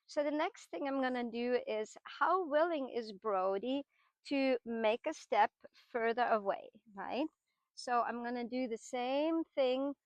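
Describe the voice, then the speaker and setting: A middle-aged woman teaching horsemanship. She explains each step patiently and keeps checking in with her listeners. Her voice sits a little high and sounds dry and close. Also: no room sound. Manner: patient, explanatory, with frequent tag questions. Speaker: horsemanship trainer. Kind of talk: explanatory teaching talk while working horses.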